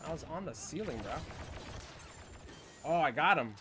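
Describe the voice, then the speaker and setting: An excitable young man commentates his game live, laughing often and mocking the other players. His voice sits a bit high for a man. A faint hiss of background noise sits under his desk mic. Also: normal speed. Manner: excitable, trash-talking, laughs a lot. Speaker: game streamer.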